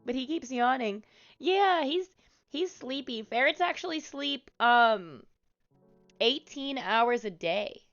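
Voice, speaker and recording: A woman streamer talks with her chat at an unhurried, drawn-out pace, her voice sitting a little higher than most. She drifts into soft, cooing baby talk as she goes. The sound comes through a headset in a home office and is a bit muffled and dull. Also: animated, faint music behind. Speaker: live streamer. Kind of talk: casual live-stream chat. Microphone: headset microphone.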